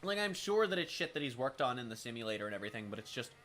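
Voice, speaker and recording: Bright, raspy, cussing male streamer. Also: medium pitch, big pitch swings, very fast. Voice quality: raspy, smoker-like. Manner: profane, wry, thinking aloud while playing. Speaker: game streamer. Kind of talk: casual live-stream commentary.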